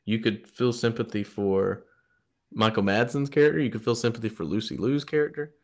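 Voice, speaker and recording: Rambling eagerly through a casual film discussion, a male podcast co-host keeps starting his thoughts over. The voice sits fairly low, moves briskly, and sounds a little mellow.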